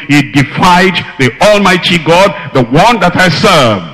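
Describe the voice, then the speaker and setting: A man preaching with an emphatic, repetitive delivery, pausing to read scripture aloud. His voice sits a little higher than most men's. It rings out with a long reverb, as in a church hall. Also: expressive, a bit bright. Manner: emphatic, repeats key phrases, quotes scripture. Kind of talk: sermon.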